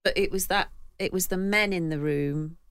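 A woman on a radio book panel, talking with growing indignation and sudden rises in pitch. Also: normal speed, a bit bright, clear, resonant tone, no room sound. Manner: impassioned, rising pitch when indignant.

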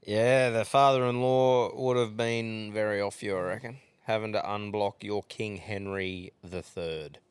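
A man's voice: fairly low pitch, fairly even intonation, a little slow, few pauses, smooth, no echo. A man from Central Queensland with a broad Australian accent, co-hosting a casual podcast, blokey and sweary, often laughing. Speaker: podcast co-host.

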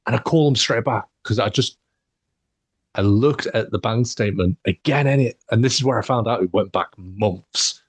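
This young man's voice is husky and on the low side, moving at a moderate pace with no echo. As a podcast host, he casually rambles through a sweary, laugh-filled story.

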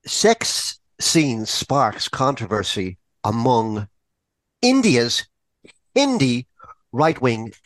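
A man co-hosting a podcast in casual chat, laughing often and telling jokes with animated delivery. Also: mid-range voice, extremely slow, no echo. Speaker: podcast co-host.

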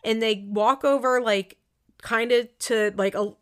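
A woman's voice: a little high, steady tone, measured pace, fairly bright tone, clean tone. A woman giving a casual, rambling recap of a reality show, opinionated and indignant, with many "like" fillers. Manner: rambling, chatty, lots of "like" fillers.

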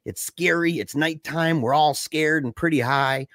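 A young man telling a scary story in a casual way, excited and slangy, saying dude and man a lot. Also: fairly high pitch, unhurried, no echo, clean studio sound.

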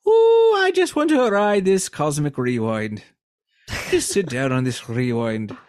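A man putting on a comic stage-Irish voice for an elderly man in a theme park queue, with high lilting drawn-out "ooh"s. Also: sing-song, darkish tone, no echo, clean studio sound. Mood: sing-song. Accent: exaggerated stage Irish.

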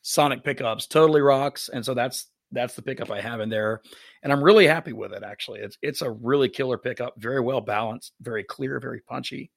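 Man, podcast guest, casual chat, enthusiastic, laid-back, gravelly voice, dry sound. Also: mid-range voice, brisk, no echo. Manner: enthusiastic and easygoing, full of "uh" and "man".

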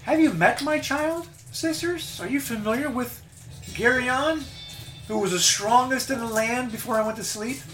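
A man's voice: extremely high pitch, moderate pace, fairly bright tone, echoey room, soft background music, voice pushed up, low-quality recording. A man voicing an ancient serpent-haired woman who speaks as a commanding mother.

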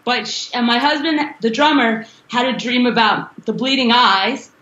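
A woman's voice: on the high side, moderate pace, a bit bright. A woman rock singer chatting loosely in an interview and laughing often. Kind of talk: casual interview chat. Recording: roomy, dull lo-fi sound.

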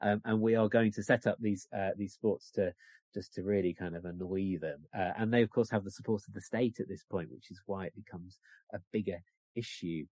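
A man, a guest author, telling history in a casual, animated podcast chat, laughing often. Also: on the low side, a little fast, no room sound, studio quality. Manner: chatty, animated storytelling with laughs.

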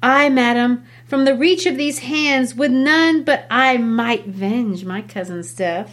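A woman reading the part of a grieving, guarded young noblewoman, giving the verse an expressive, heightened delivery. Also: a little high, takes it slowly. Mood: anguished. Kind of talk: classroom read-aloud of a play.

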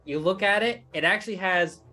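A woman's voice: mid-range voice, brisk, sharp tone, soft background music. A woman running a tabletop game as dungeon master, explaining rules with many fillers and restarts.

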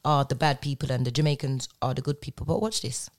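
A woman's voice: very deep voice, steady tone, fast, a little mellow. A woman, talking in a casual group chat and making her points with emphatic slang-heavy storytelling.

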